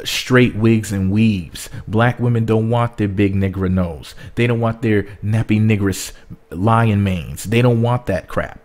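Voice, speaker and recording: Low-voiced man ranting casually. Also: a little mellow. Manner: rambling, repeats words, drops into mocking voices. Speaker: vlogger. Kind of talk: casual commentary.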